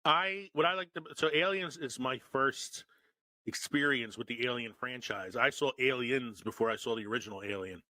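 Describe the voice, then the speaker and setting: Here the same kind of speaker, a Philadelphia podcast co-host in his forties, talks at normal speed with a bright, forceful mid-range voice on a dry recording. It's casual chat full of laughter and profane storytelling.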